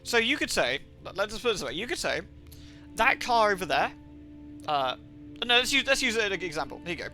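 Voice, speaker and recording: A man's voice: high voice, very animated, fairly quick, pushed and bright, faint music behind. A man giving jokey, rambling commentary while he streams a game. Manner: jokey and rambling, playing with slang. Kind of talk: casual live-stream commentary.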